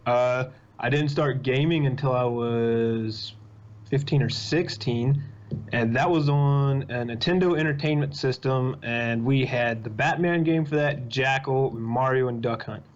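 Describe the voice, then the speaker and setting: A young man, talking as a podcast guest in casual chat, telling animated stories in quick bursts. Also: medium pitch. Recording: dull lo-fi sound.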